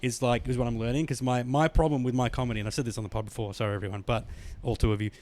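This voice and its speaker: A man's voice: mid-range voice, fairly even intonation, very fast, a little mellow. A man hosting a comedy podcast, chatty and self-deprecating, laughing often. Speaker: podcast host, stand-up comedian. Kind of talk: casual podcast chat.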